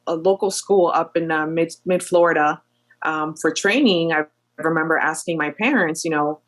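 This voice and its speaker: A woman airline captain in her thirties tells her story as a podcast guest. Her voice sits on the low side. She talks in an animated way, with plenty of fillers as she goes. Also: moderate pace. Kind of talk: storytelling interview chat.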